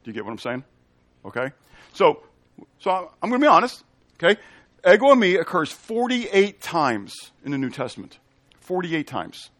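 Male pastor, teaching sermon, chatty and explanatory, keeps asking "okay?", a bit high-pitched, dry close sound. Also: sing-song, moderate pace, long pauses, fairly bright tone, no echo. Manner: conversational, checks in with frequent "okay?"; explains Hebrew and Greek terms.

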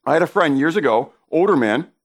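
A man preaching with an emphatic, insistent delivery. His voice sits a little higher than most men's. He hammers key words by repeating them and keeps turning straight to his listeners. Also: lively intonation, a little fast. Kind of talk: sermon.

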